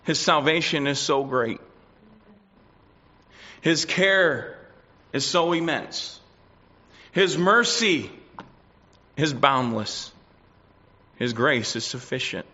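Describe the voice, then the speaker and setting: A man preaching a sermon, swinging between loud declarations and quiet asides. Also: on the high side, expressive, takes it slowly, long pauses. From United States. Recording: dull lo-fi recording.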